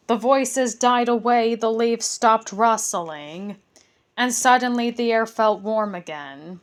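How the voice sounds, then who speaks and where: A woman reading a children's chapter book aloud as a gentle bedtime story. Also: a little high, takes it slowly.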